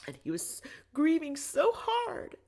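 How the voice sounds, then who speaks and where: A woman's voice: high voice, huge pitch swings, a little mellow. Candid woman telling a personal story. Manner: candid and emotional, with pace swinging between rushed and slow. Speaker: podcast host.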